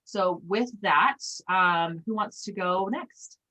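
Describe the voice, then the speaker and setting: A woman's voice: medium pitch, takes it slowly, rough recording. Chatty woman hosting a call. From Utah. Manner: relaxed, chatty, many fillers. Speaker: panelist and host. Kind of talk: casual group training call.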